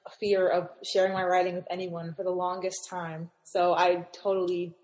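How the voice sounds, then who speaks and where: A woman's voice: lowish voice, little pitch movement, moderate pace, a little mellow. Young woman hosting in an echoey room. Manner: upbeat, encouraging. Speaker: host, moderator. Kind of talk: casual panel chat.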